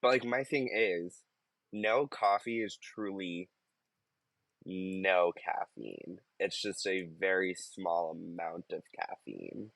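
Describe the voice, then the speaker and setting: A young man co-hosting a podcast, chatting casually in an unhurried, wry way that drifts into tangents. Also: deep voice, animated, creaky, fairly bright tone, no room sound. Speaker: podcast co-host. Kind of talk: casual chat.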